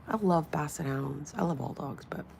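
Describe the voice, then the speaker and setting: Chatty, gravelly woman streamer, coos and swears. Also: low voice, normal speed, a little mellow, a little hiss or hum. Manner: chatty, swears casually, coos at objects, drops into whispers. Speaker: livestream host. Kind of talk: casual livestream chat.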